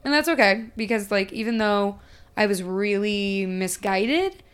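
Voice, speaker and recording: A woman's voice: medium pitch, animated, a little slow, clean tone. A woman hosting a podcast who chats casually, recaps a film sarcastically, swears freely and acts out the characters. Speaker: podcast host.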